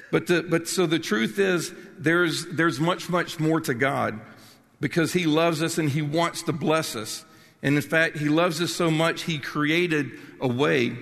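A man's voice: fairly high pitch, vocal fry, fairly bright tone. An older man, preaching a sermon with passion and emphasis and often restarting his words. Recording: long reverb of a large hall.

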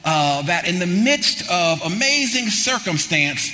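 A middle-aged man preaching a sermon, building into fervent shouting with repeated phrases. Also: high voice, big pitch swings, slow, faint music behind. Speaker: pastor. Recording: long hall reverb with faint noise.

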